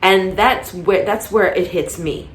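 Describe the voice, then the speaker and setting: A woman's voice: medium pitch, a little slow, roomy sound. A woman talking through a casual commentary monologue, rambling with many restarts and getting heated. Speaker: commentary vlogger.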